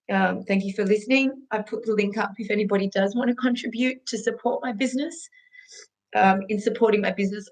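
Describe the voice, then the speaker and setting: A woman's voice: medium pitch, poor audio. A woman with an Australian accent, a fitness instructor speaking earnestly and emotionally in a candid personal vlog. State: tearful, emotional.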